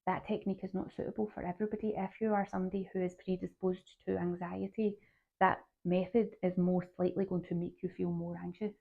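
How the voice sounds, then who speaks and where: A woman's voice: fairly low pitch, level tone, fast talker, creaky. A woman hosting her own podcast, talking earnestly and encouragingly straight to her listeners. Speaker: podcast host and health coach. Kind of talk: solo podcast talk. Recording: tinny phone-like sound.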